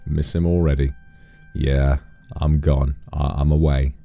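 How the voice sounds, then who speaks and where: A man's voice: a bass voice, a little slow, no room sound, faint music behind. A man chatting casually on a livestream, playful and teasing as he tells stories. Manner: playful, teasing, animated storyteller. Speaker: streamer.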